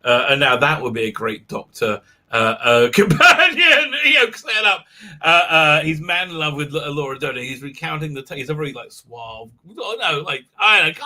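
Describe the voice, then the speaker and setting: A man with an Israeli accent chats casually on his live stream from a home office. His voice sits high and sounds very bright. He rambles, swears freely and laughs between comments. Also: very animated, moderate pace. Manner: rambling, profane, laughs often, many fillers.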